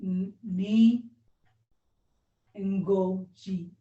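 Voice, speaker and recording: Slow, tentative woman learner, echoey room. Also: mid-range voice, steady tone, warm tone, muffled recording. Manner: tentative, repeats words after the teacher. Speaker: student. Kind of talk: language lesson practice.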